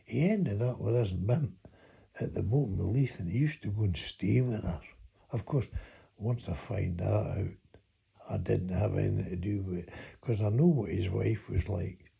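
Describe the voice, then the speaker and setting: An older Scottish man reminisces in a slow, unhurried ramble, his voice gravelly and deeply husky. His pitch swings widely as he tells his story in a folksy way. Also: warm tone. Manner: rambling, folksy, chuckling as he recalls. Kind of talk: reminiscing monologue.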